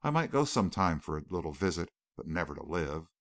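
A steady young war veteran speaks gently and earnestly in a storybook reading, as a male narrator puts him on. His voice sits fairly low but moves with lively inflection. The recording is dry and close. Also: brisk, no echo.

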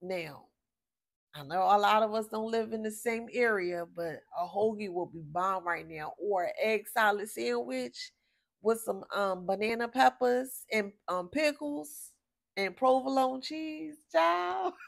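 A woman's voice: mid-range voice, measured pace, creaky. A woman from giving a casual spiritual reading, blunt, profane and exasperated, drifting off topic as she talks. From Philadelphia, USA. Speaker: tarot reader.

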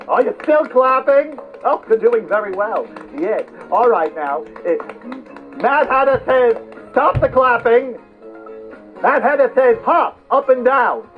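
Mad Hatter, a giggling scatterbrain. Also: male voice, heavily acted. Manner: giggling, fussy and scatterbrained, fluttering pitch. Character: giggly eccentric male Mad Hatter hosting games. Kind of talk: theme-park character show with children. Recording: tinny lo-fi recording with faint music.

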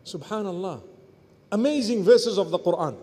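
A man giving an Islamic sermon, swinging from raised, near-shouted lines down to soft, low murmured asides. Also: expressive, moderate pace. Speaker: Islamic preacher. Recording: long hall reverb.

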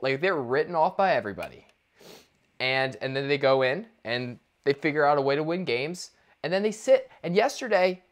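A man co-hosting a sports podcast, ranting in casual talk with lots of restarts. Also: on the high side. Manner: animated ranting, many restarts and fillers. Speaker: podcast co-host.

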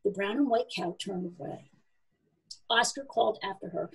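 Husky, expressive woman reading a story. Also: medium pitch, normal speed, pauses often, rough recording. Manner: expressive, animated. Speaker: narrator.

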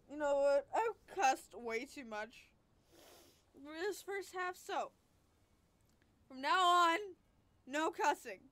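A woman's voice: high-pitched, lively intonation, takes it slowly, long pauses, a bit bright, dry recording. A woman doing let's-play commentary, exasperated and cursing at the game. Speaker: gamer.

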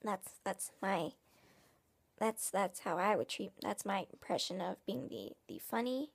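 A woman playing a smug, husky 1950s dad. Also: medium pitch, animated, heavily acted. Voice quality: husky, gravelly, often half-whispered. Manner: rambling, halting, with many restarts. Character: smug passive-aggressive 1950s family dad. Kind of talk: comic character monologue.

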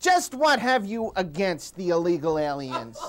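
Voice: medium pitch, sing-song, unhurried, a bit bright, slight background noise. A performer playing an earnest liberal professor who gives formal, lecturing speeches in a TV comedy sketch.

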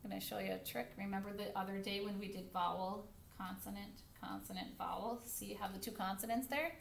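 A second grade teacher giving a phonics lesson to young children, speaking slowly and patiently and repeating each word clearly so they can count along. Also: female voice, medium pitch, fairly even intonation. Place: classroom with a screen. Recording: echoey room with faint background noise.

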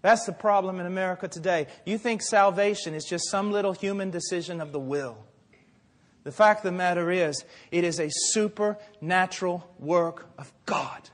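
A man preaching a sermon with great fervor, dropping to quiet asides and rising to shouts. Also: high-pitched, moderate pace. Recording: long hall reverb.

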